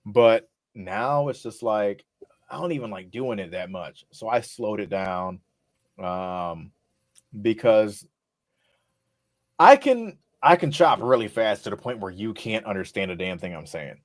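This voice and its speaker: A man talking as the guest on a casual podcast interview, laid-back and relaxed, swearing now and then as he talks. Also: fairly low pitch, a little slow, dry recording, studio quality. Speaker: rapper guest.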